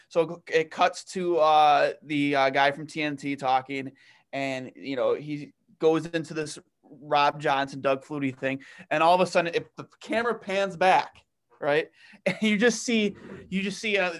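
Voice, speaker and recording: A man co-hosting a sports podcast, telling an anecdote in an animated, laughing way. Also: on the high side, normal speed. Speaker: podcast co-host. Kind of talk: casual chat.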